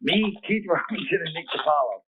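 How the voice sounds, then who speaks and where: A man's voice: a little high, animated, fairly quick, slight background noise. A man in casual comedic radio banter, dry, sarcastic and profane. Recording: tinny phone-like lo-fi sound.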